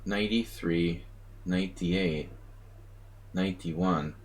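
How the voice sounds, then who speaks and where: A man's voice: low voice, steady tone, slow pace. A man streaming a chess simul, thinking aloud in a muttering, self-mocking way. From United States. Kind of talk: live commentary while playing.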